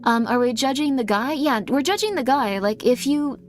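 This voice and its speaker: Girl streamer rambling to chat, lots of "like", kinda high voice, faint music behind. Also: normal speed. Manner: rambling, many "like" fillers. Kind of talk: casual chat with viewers.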